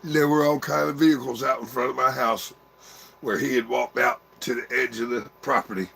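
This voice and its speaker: An older man speaks in a gravelly voice with plenty of vocal fry. His talk is halting and rambling, broken by pauses, as he shares his grief casually with viewers. A faint hiss sits under his voice. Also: medium pitch, steady tone, pushed and bright. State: grieving. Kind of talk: casual grieving monologue to viewers.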